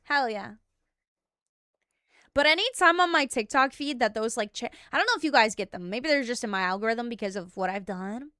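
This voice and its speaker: A woman's voice: on the high side, animated, brisk, bright, forceful tone, clear, resonant tone, dry recording, clean studio sound. A woman streaming as a VTuber and chatting casually with her viewers, giggly and playfully bossy.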